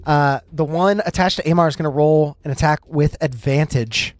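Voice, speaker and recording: High-voiced man running a tabletop game. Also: moderate pace, no room sound. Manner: relaxed, frequent uh fillers. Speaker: game master.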